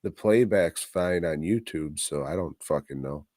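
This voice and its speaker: A man's voice: extremely low pitch, measured pace, darkish tone, no room sound, clean studio sound. A man co-hosting a podcast, chatting casually and swearing in exasperation. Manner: profane, exasperated. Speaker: podcast co-host.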